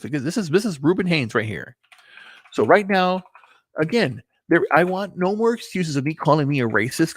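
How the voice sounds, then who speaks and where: A man's voice: fairly high pitch, vocal fry, breathy edge, no echo, studio quality. A man talking casually to his viewers in a rambling opinion monologue, restarting sentences and swearing under his breath. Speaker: video commentator.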